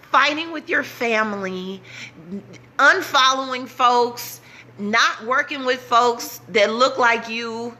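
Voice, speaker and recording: A woman vlogger with a slightly high, pushed, bright voice speaks directly to the camera and her audience. She is impassioned and urgent, repeating herself to drive her points home.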